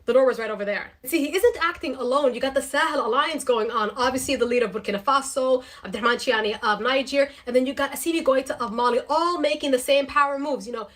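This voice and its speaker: A woman narrates scripted commentary at a rapid pace. Her voice sits a little high, and she drives her points home with pointed rhetorical questions. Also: a bit bright.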